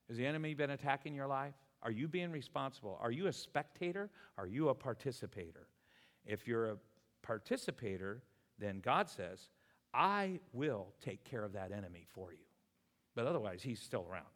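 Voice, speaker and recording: A man's voice: mid-range voice, a little fast. A man preaching a sermon in church, telling stories and acting out the people in them. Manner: animated storytelling preacher, voices people in anecdotes. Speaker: pastor. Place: church sanctuary. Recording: long hall reverb.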